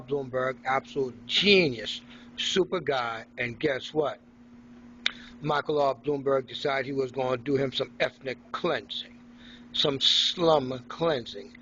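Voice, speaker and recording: Man from Haiti, ranting and mocking, mid-pitched voice, dull lo-fi recording, faint background noise. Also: fairly bright tone. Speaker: vlogger recording a personal log. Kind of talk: angry rambling monologue. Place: hospital room.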